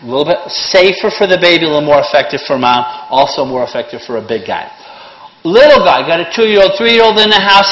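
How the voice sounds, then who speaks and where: A man's voice: on the high side, fast talker. A middle-aged man teaching a CPR class with blunt, sarcastic jokes between his instructions. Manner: sarcastic, blunt, joking, lively. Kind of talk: classroom lesson with joking asides. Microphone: handheld or worn microphone. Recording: echoey room, faint noise.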